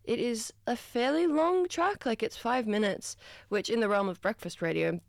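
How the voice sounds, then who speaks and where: A woman's voice: on the high side, very animated, normal speed, vocal fry, dry recording, studio quality. A woman hosting breakfast radio, talking in a chatty, self-deprecating way full of rambling asides. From Australia. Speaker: radio host. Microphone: studio microphone.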